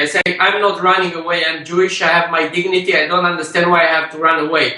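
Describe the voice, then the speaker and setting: Earnest man with a high, bright voice, echoey and distant. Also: little pitch movement. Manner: earnest, with quick bursts and frequent restarts. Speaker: interview guest. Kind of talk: personal account in an interview. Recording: very echoey room, heard from a distance.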